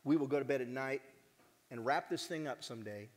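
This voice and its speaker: Speaking as the organization's director, a man delivers a heartfelt conference talk, earnest and animated, with the occasional joke for the audience. His voice sits in the mid-range and moves briskly. The recording carries a long hall reverb.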